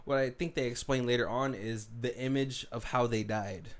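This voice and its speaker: A man's voice: medium pitch, steady tone, normal speed. Laughing man recapping a movie. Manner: laughs often, acts out movie lines. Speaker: podcast co-host. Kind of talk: casual movie commentary chat.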